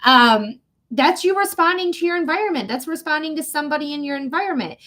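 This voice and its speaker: High-voiced woman giving a casual psychic reading. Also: fairly quick, fairly bright tone. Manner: casual, blunt and swearing, talks straight to the viewer. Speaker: psychic reader. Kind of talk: live reading on a stream.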